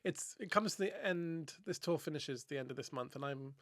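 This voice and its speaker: Animated camp Irish man, bright voice. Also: a little high, normal speed, dry recording, studio quality. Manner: animated, camp, theatrical exclamations. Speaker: podcast co-host. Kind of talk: casual comedic chat.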